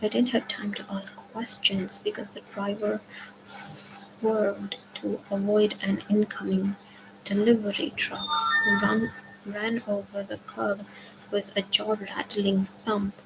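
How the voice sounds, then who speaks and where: A woman reading a novel aloud, softly and often half-whispered. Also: mid-range voice, level tone, slow pace, vocal fry, noisy background. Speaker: book reader.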